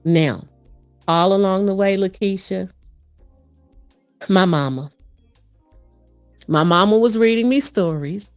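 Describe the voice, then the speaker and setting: A woman guest, a voice coach and performer, speaking in an animated, fast storytelling manner in a casual interview. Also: medium pitch, no echo, soft background music.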